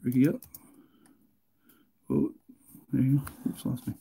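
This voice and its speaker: A man hosting a live card break, chatting casually and joking, getting loud and excited. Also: medium pitch, a little slow, vocal fry, breathy edge. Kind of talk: live stream break commentary.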